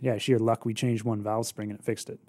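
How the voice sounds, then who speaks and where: A man's voice: on the low side, little pitch movement, fairly quick, a little mellow. A man with an Australian accent, a guest in a casual chat, talking in an easygoing way. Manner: easygoing, many agreeing fillers.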